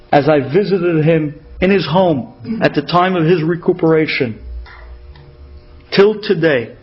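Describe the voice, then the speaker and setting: A man with a high voice tells an inspirational story slowly and dramatically. He stacks repeated phrases and weaves in Hebrew terms. The audio is dull and lo-fi.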